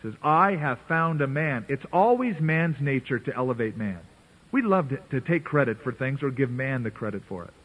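Preacher on a tinny radio broadcast. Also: male voice, medium pitch, sing-song, a little fast, breathy edge. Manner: earnest, conversational preaching with playful voicing of biblical characters. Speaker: pastor. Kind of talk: sermon.

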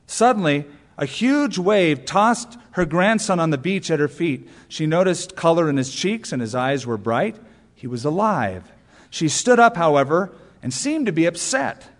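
Male preacher, somewhat high voice, sermon delivery, long hall reverb. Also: very animated, unhurried. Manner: storytelling preacher, rhetorical questions, emphatic punch lines. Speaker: pastor.

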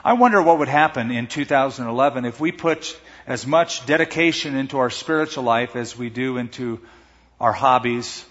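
In a dull, muffled recording from an echoey hall, a male pastor delivers a sermon at normal speed in a medium-pitched voice. He preaches emphatically, his volume swinging dramatically as he builds to strong peaks of emphasis.

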